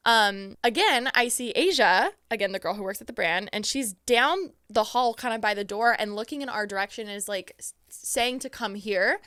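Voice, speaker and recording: A young woman hosting a podcast, telling a story in a casual, excitable way and acting out her own reactions. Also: mid-range voice, moderate pace, smooth, no room sound, clean studio sound. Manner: excitable, animated quoting of herself. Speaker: podcast host.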